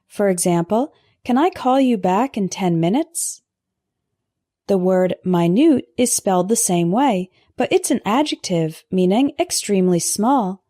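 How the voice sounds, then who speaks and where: A woman teaching English vocabulary in a scripted lesson, pronouncing word pairs slowly and carefully for learners to repeat. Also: medium pitch, lively intonation, dark tone, no room sound, clean studio sound. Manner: slow, careful pronunciation drills.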